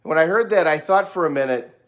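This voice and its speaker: A middle-aged American man talking in an unhurried, folksy way, musing on life and telling a story with plenty of fillers. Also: fairly high pitch, expressive, a bit bright. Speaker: speaker sharing reflections. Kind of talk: casual reflective monologue.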